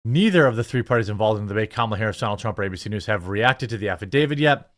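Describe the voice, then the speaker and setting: A man hosting casual political commentary, talking in an animated, sarcastic way with lots of fillers. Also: on the low side, racing. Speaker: political commentator, channel host.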